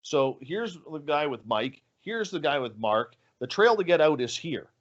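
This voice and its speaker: A man's voice: on the high side, big pitch swings, moderate pace, muffled recording. A man telling a story as a guest in an interview, acting out the dialogue with animation. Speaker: guest, radio show host.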